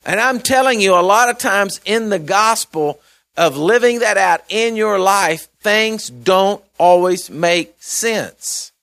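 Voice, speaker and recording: Male pastor, slightly high voice, conversational folksy sermon delivery with loud-to-quiet swings. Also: expressive, takes it slowly, creaky. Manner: conversational, folksy preaching with asides and repeated words; swings between loud emphasis and quiet mumbling.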